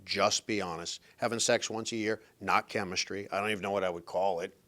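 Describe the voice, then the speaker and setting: A man's voice: fairly low pitch, fairly even intonation, brisk, pushed and bright. A middle-aged man hosting a podcast, giving relationship advice in an emphatic, blunt, preachy motivational monologue. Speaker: podcast host and relationship coach.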